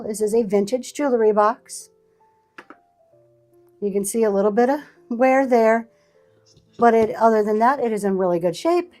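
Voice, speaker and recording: Woman, live-stream reseller, slightly high voice, casual running chatter over faint music. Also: darkish tone. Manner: chatty, thanks buyers by name. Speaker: live auction seller. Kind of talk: live selling stream chat.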